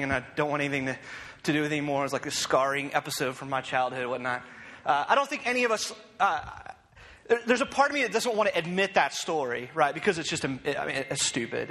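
Guy preaching, high bright voice, telling a funny story on himself, big hall reverb. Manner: storytelling, animated, self-deprecating, frequent "right?" asides. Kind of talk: sermon opening with a personal story.

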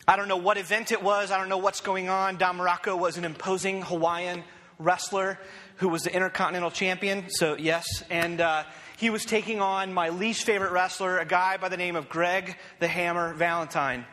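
A man telling a personal story as he opens a sermon, animated and self-deprecating, often checking in with "right?". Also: high-pitched, moderate pace, big-room sound.

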